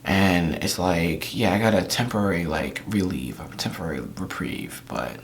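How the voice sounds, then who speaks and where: A man talking in a confessional vlog, holding back tears, halting and trailing off into near-whispers. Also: low-pitched, very noisy. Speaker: vlogger. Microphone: camera mic.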